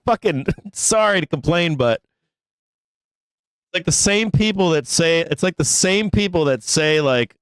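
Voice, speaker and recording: A man's voice: fairly high pitch, animated, unhurried, fairly bright tone, clean tone, no echo, low-quality recording. A man hosting a live stock market show, ranting in exasperation with frequent laughter and cursing. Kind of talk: live-stream rant.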